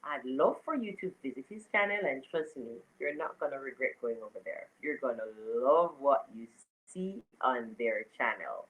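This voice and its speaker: A woman's voice: extremely low pitch, lively intonation, moderate pace, hardly any pauses, phone-quality sound. A woman hosting a casual live stream, reading viewer comments aloud, greeting people by name and laughing often. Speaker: livestream host.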